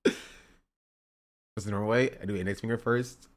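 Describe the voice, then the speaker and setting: A man's voice: fairly low pitch, fairly even intonation, unhurried. A man streaming live, casually reacting to clips and chatting with his viewers, often repeating himself. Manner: chatty, repeats himself, reads chat aloud.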